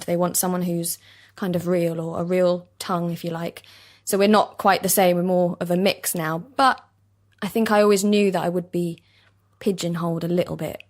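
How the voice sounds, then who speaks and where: Young East London actress, relaxed and chatty, lower voice, self-deprecating laughs. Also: female voice. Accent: soft East London. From East London, England. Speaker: actor guest. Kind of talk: casual interview chat. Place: basement recording studio.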